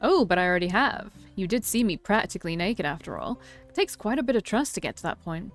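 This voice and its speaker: A woman's voice: mid-range voice, lively intonation, fast, faint music behind, close to an everyday voice. A woman voicing a charming, teasing young man in a visual novel, amused and playful.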